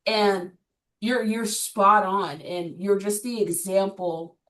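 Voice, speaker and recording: A woman's voice: mid-range voice, slow pace, recorded from a distance. A woman personal trainer talking bluntly and with energy in a casual interview chat. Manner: blunt, energetic, laughs often.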